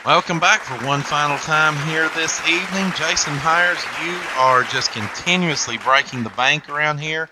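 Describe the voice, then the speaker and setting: A man's voice: a little high, moderate pace, few pauses, crowd noise, noisy background. A man hosting a game show, with upbeat, jokey patter.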